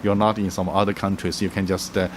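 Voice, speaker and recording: A man giving travel tips in a casual, halting way, with many fillers, restarts and frequent chuckles. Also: sits low, flat delivery, a little hiss or hum. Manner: chuckles often, acts out little quoted voices. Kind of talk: casual explaining to camera.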